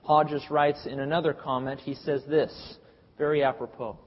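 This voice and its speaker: A man's voice: on the high side, flat delivery, normal speed. A man preaching a sermon in an emphatic, preacherly way, sometimes acting out the lines he quotes. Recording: dull lo-fi audio with long hall reverb.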